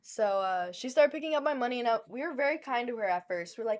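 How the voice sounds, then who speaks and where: A woman with a fairly high voice co-hosts a casual podcast chat. She tells her story bluntly and with lots of swearing, in an animated, unfiltered way. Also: fast talker. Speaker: podcast co-host.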